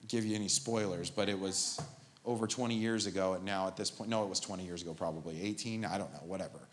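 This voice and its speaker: Man preaching a lively sermon. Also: on the low side. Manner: animated and informal, with asides and jokes. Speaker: pastor. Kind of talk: conversational sermon. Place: church service, live.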